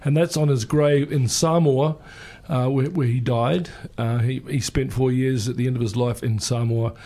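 A man's voice: mid-range voice, steady tone, moderate pace, mellow. A man presenting community radio, chatting casually with many ums and restarts.

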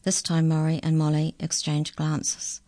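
A woman reading a children's story aloud in a calm, measured storytelling voice. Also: sits low, no echo. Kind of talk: storybook narration.

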